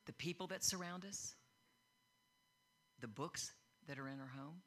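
A woman in middle age delivers a sermon with a bright, forceful tone. She sits a bit low in pitch, acts out the voices she quotes, and grows loud and worked up at times. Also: a little slow. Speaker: pastor.

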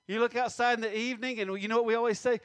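A man preaching a sermon, reading scripture slowly and stressing words, with many questions to the congregation. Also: very high-pitched, steady tone, a bit bright, no room sound.

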